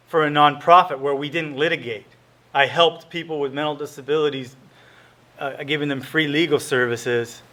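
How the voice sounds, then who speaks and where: Middle-aged male lawyer, earnest lecturer who restarts and corrects himself, voice sits a touch high. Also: pushed and bright. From California. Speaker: lawyer giving a presentation. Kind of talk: lecture-style talk with slides.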